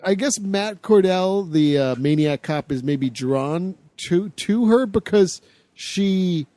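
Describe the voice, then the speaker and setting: A man co-hosting a podcast, cracking deadpan absurd jokes in casual movie chat. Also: high-pitched, slow pace, no room sound. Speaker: podcast co-host.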